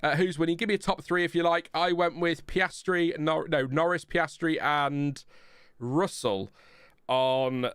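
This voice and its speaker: A man's voice: a little high, steady tone, measured pace, a bit bright, smooth, no room sound, clean studio sound. A British man hosting a live race watchalong, chatting casually and joking as he reads viewer comments from his home streaming setup. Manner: chatty, joking, reads chat messages aloud. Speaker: livestream host.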